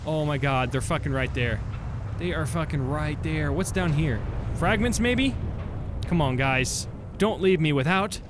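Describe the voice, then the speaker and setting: A young man giving excitable gameplay commentary as a let's play host, bursting into surprised shouts and swearing freely. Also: high-pitched, slight background noise.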